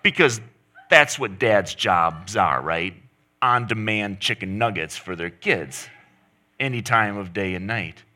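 Taking it slowly, a middle-aged pastor delivers a sermon in a fairly low, bright, forceful voice with lively intonation. He is emphatic, rising and falling in pitch to drive his points home.

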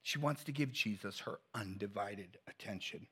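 A man's voice: lowish voice, normal speed, pushed and bright, slightly rough. A middle-aged male pastor preaching a sermon in a conversational, teasing way, laughing at his own jokes.

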